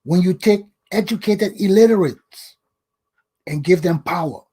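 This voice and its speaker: On his own talk show, an older Liberian man speaks a little slowly in a high, mellow, slightly rough voice. With a Liberian English accent, he scolds and lectures emphatically, repeating words for stress.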